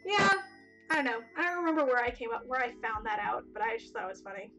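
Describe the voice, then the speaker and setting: A woman with a high voice chats casually as she plays through a game. Her commentary is playful and jokey, with a self-deprecating edge. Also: animated, fast talker, muffled recording, over loud music. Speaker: let's play host.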